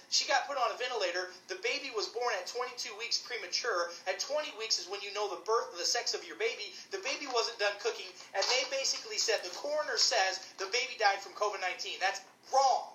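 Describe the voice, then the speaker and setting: A fired-up woman doctor rants through heated commentary, hammering her points with emphatic repetition. Her voice is bright and forceful. The room around her rings with a noticeable echo. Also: medium pitch, animated, fairly quick, hardly any pauses, slight background noise. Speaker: physician commentator. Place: St. Louis area.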